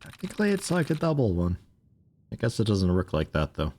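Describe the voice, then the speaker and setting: A man's voice: fairly low pitch, wildly swooping pitch, fairly quick, darkish tone, a little hiss or hum. A young man giving rambling, laid-back let's play commentary, swearing and chuckling now and then. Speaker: streamer playing a video game.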